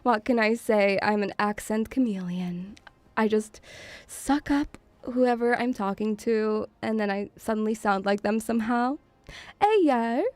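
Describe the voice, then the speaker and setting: A woman's voice: mid-range voice, fairly even intonation, measured pace, dry recording. A young woman from Eastern Europe streaming in a bubbly, teasing manner, giggling often and calling her viewers darling. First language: an Eastern European language. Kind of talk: casual live-stream chat.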